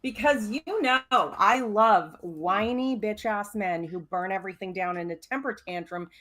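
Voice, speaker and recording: A woman's voice: medium pitch, moderate pace, fairly bright tone. A woman on a casual podcast, reading scripture aloud and making blunt, sarcastic remarks. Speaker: podcast co-host.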